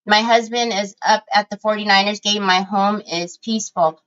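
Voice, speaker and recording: A middle-aged woman from Northern California hosting a craft livestream from her home desk, chatting slowly with viewers and greeting them by name, her voice squeaky and hoarse from a cold and interrupted by frequent throat clearing. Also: steady tone, fairly bright tone, highs cut off.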